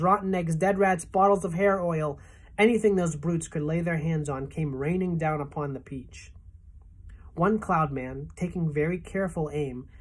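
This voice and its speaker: Husky woman reading a storybook aloud. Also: deep voice. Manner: expressive storytelling. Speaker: teacher. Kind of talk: reading a children's novel aloud.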